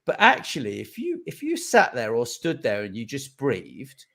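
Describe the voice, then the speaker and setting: Gravelly man with a lively voice. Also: mid-range voice, unhurried, hardly any pauses. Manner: earnest, repetitive, many restarts and "right?". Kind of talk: casual chat.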